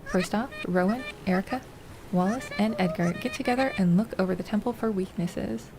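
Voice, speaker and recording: A woman's voice: mid-range voice, brisk, lightly acted. A woman reading the lines of a young male village leader as he rallies his villagers in a commanding tone. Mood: rallying. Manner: rousing, commanding, reading game dialogue. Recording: noisy home recording.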